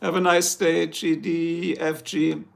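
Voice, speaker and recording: A man's voice: a little high, level tone, takes it slowly, creaky. A man with a German accent, a native German speaker, chatting casually on a livestream, joking and rambling as he answers viewers in the chat.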